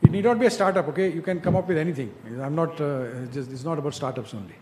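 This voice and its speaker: A man's voice: a little high, fast, a little mellow, slight background noise. A man giving direct, coaching advice to students in an informal talk, often asking rhetorical questions. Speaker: industry speaker mentoring students.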